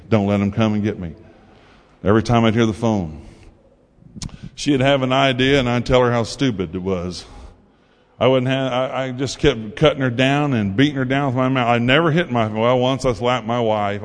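Long hall reverb surrounds a mid-range male voice at a moderate pace. In a sermon testimony, he tells his story in folksy fashion, acting out the quoted voices.

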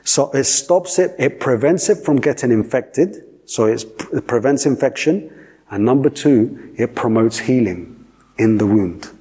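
Emphatic preacher with a husky voice. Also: male voice, mid-range voice, animated, unhurried, warm tone. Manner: repetitive, emphatic, asks the audience questions. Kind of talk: sermon.

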